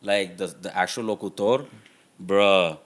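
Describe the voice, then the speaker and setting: A man's voice: deep voice, unhurried. A man hosting a podcast interview in a laid-back, slangy way. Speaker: podcast host.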